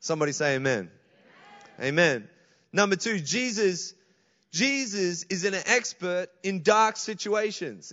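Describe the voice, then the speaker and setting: High-voiced male preacher in an echoing hall. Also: a bit bright, highs cut off. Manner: preaching with call-outs to the congregation. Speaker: pastor. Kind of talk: sermon. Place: church.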